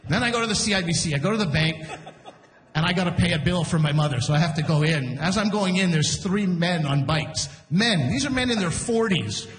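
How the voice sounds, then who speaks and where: A man hosting a live comedy show, telling a story on stage in a chatty, animated way, acting out the people in it. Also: high voice, brisk. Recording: echoey hall from a distance.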